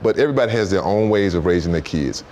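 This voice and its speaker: A man telling stories on a talk show, in an animated, repetitive way, jumping into high voices for quotes. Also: fast talker, a little hiss or hum. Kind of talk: storytelling talk-show chat.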